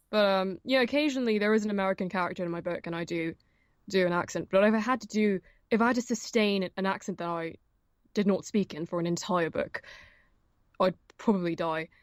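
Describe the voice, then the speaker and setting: A woman's voice: medium pitch, fast, no room sound, studio quality. A young woman, an audiobook narrator, chatting casually as an interview guest, with many fillers and frequent laughs. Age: young adult.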